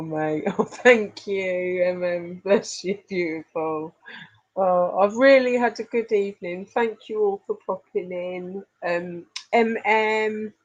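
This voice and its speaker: A woman's voice: medium pitch, highs cut off. A middle-aged woman hosts a casual live stream, chatting affectionately with viewers and laughing often. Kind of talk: casual live chat reading comments.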